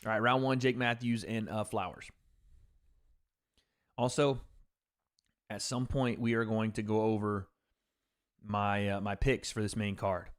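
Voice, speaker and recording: A man's voice: fairly low pitch, fairly even intonation, measured pace, pauses often, clear, resonant tone. A man hosting a casual livestream, reacting to fights and joking with chat in a rambling way. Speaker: livestream host reading chat. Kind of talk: casual live commentary on fights.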